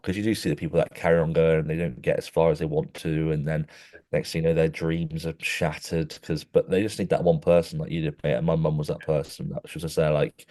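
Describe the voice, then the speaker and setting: A man's voice: extremely low pitch, mellow. A young man co-hosting a podcast, telling rambling laddish stories in casual chat and calling his friend "mate" constantly. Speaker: podcast co-host.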